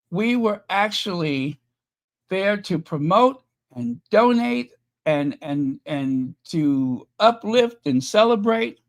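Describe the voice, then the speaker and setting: Man, livestream host, casual rambling commentary, higher pitch, slow unhurried delivery. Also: animated. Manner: chatty, mocking, drawn-out pauses and fillers. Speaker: channel host reading super chats.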